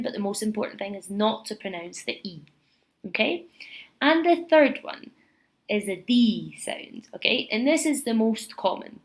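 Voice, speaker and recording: Scottish lady w a slightly high voice, calmly walking you thru english pronunciation on her podcast. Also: rough recording. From Scotland. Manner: patient, explains step by step with spoken examples. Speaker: English teacher and podcast host.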